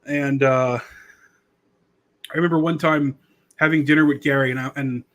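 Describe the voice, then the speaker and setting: A man's voice: mid-range voice, fairly even intonation, a little slow, fairly bright tone. A man in his thirties hosting a podcast, rambling in casual political commentary with a sarcastic edge. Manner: rambling, sarcastic, does mocking impressions. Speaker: podcast host.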